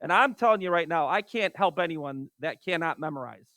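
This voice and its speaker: A man's voice: a little high, lively intonation, brisk, bright, forceful tone, dry recording. A man teaching a math class, calling on students by name and exasperated by wrong answers. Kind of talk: classroom lecture.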